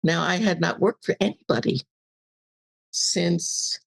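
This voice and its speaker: An older woman shares a personal story as a guest on a casual interview show. Her voice is gravelly and husky, and she lively acts out the voices in her tale. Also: fairly low pitch, takes it slowly. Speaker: podcast guest.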